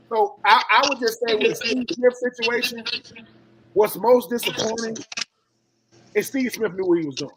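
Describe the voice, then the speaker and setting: A man co-hosting a casual sports podcast, talking in an animated, joking way and acting out the people he quotes. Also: very high-pitched, normal speed, noisy background. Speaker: podcast co-host.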